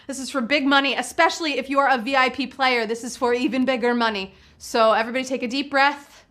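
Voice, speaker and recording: Bright bubbly woman hosting live trivia. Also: high-pitched, fairly even intonation, fast. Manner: bubbly, playful, hypes up players. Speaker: trivia game show host. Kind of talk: live game show hosting.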